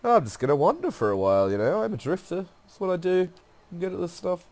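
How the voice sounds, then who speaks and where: Here the man pitches well above his own voice: high, very animated, fast, with a darkish tone. He has a cold, sounds slightly nasal, and plainly reads a tough, restless female guide's game lines, raising his voice for her.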